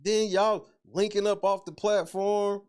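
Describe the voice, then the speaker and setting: A man's voice: high-pitched, steady tone, unhurried, a little mellow, clean tone. A man hosting a podcast, ranting casually with lots of profanity and laughing between his points. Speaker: podcast host.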